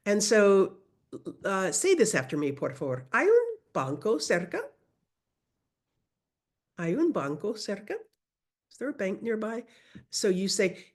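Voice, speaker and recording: A woman teaching a casual Spanish lesson over a video call, chatty and self-correcting, laughing easily. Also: mid-range voice. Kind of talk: casual online language lesson.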